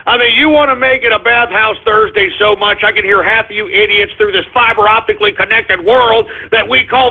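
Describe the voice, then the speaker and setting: A man hosting a talk radio show, ranting and swinging from calm talk to angry shouting. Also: sits high, husky. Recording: muffled phone-like internet radio audio.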